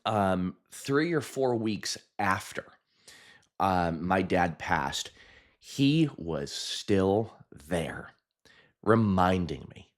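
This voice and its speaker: A man, a hypnotist, telling a personal story in a chatty, animated way, with frequent laughs and fillers. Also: low voice, very slow. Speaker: hypnotist and video host.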